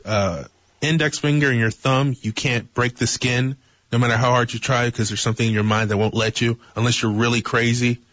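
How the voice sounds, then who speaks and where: A man on a radio show chatting casually, with relaxed, chuckling asides. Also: medium pitch, brisk, dry recording. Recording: dry, slightly muffled broadcast.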